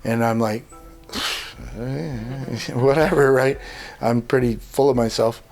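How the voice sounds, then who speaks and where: A man's voice: medium pitch, moderate pace, soft background music. Man telling his story. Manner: lively storyteller who acts out dialogue, with many "uh" and "like" fillers. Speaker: guest sharing his life story. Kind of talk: personal testimony told in an interview.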